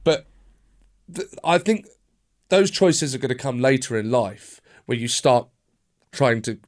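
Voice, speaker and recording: Man, mid-pitched voice, podcast host, hesitant, rambling questions, frequent restarts. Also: expressive, unhurried. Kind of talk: casual interview chat.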